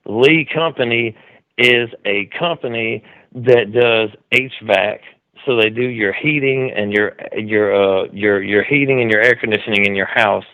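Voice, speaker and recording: A man's voice: fairly low pitch, measured pace, no echo, narrow, tinny audio. A man hosting a call-in show, telling a story loosely, with lots of restarts and "dude". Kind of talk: casual rambling commentary. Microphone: studio mic with mixer.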